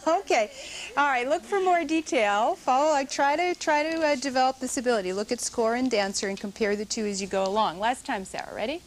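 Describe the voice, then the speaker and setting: A woman's voice: high voice, brisk, a little hiss or hum. A middle-aged woman teaching a dance notation class in a studio, coaching dancers and calling counts aloud.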